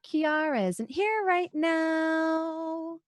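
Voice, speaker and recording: A woman's voice: very high voice, very slow, no echo, studio quality, pitched above the performer's own voice, heavily acted. A woman voicing a whimsical, dreamy young female vampire with an airy, sing-song manner.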